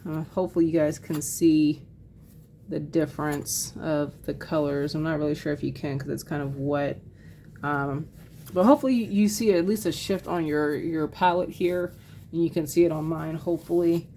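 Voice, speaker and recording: A woman giving a casual painting tutorial, chatting loosely with fillers and quick apologies as she works. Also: low voice, fairly even intonation, mellow, a little hiss or hum. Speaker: art teacher.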